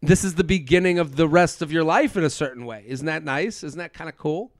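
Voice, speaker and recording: A man's voice: a little high, a little fast. A man co-hosting a casual chat, telling stories animatedly, acting out quotes and swearing. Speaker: podcast co-host.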